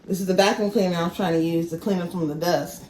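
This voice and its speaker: Here the young woman talks quickly as she vlogs at home, drifting between rooms. She's lively, cracks jokes, laughs at herself, and her voice shoots up when she teases. There's slight background noise and the recording is rough.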